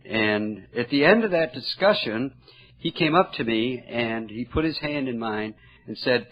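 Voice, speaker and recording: An older man speaking earnestly at a recovery meeting, telling a personal story in a halting, heartfelt way. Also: mid-range voice, expressive. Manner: earnest, halting, emotional at moments. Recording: dull lo-fi recording.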